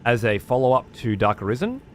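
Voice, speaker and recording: This streamer reads out viewer messages in a casual, laid-back chat, swearing freely and using slang like "mate" and "cunt." His mid-range voice is very animated and fairly quick. Slight background noise can be heard.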